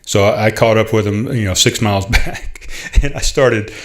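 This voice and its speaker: A middle-aged man hosting a podcast, telling a heartfelt story in a halting, casual way, full of fillers and restarts. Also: fairly low pitch. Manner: heartfelt, proud. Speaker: podcast host.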